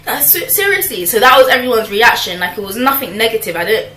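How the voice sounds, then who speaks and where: A woman's voice: medium pitch, fast, sharp tone, soft background music. Chatty young woman in an echoey room. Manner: chatty, slangy, lots of fillers and asides. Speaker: vlogger. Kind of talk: casual storytelling to camera. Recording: echoey room with faint noise.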